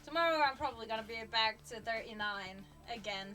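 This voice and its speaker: A woman's voice: on the high side, fast talker, pushed and bright, far from the mic, soft background music. A woman streamer chatting casually on a livestream, giggly and flustered, often stopping to restart her sentences.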